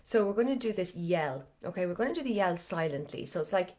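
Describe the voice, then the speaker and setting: A woman's voice: on the low side, animated, fast, mellow. A woman, a vocal coach leading a live online singing lesson in a chatty, encouraging way, her voice slightly strained today. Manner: chatty, encouraging, gives step-by-step cues.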